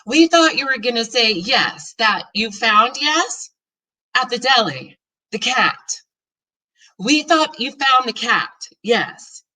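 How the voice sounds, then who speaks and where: A mother explaining things slowly and carefully, voiced by a woman. The tone is bright and lively, and the voice is heard from a short way off the mic. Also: a little high, recorded from a distance, heavily acted, poor audio. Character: the narrator's patient explaining mother.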